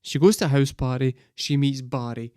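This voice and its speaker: A man's voice: mid-range voice, steady tone, normal speed, mellow, smooth, no room sound, studio quality. A Scottish man hosting a music reaction, joking crudely and swearing as he comments. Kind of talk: casual commentary.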